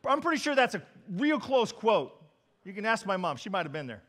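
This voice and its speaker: A man preaching a sermon as pastor, telling stories animatedly and swinging between loud and quiet. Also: high voice, very animated, brisk.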